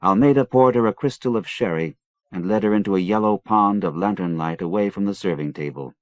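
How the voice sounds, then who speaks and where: A man narrating an adventure novel in a measured, even storytelling manner. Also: lowish voice, no echo. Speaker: audiobook narrator.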